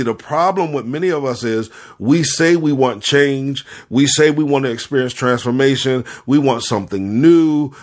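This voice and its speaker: An earnest man speaks straight to his listeners in a heartfelt, impassioned reflection. His pitch sits in an ordinary middle range, and he leans on repeated phrases to drive each point home. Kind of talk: impassioned spoken reflection to an audience.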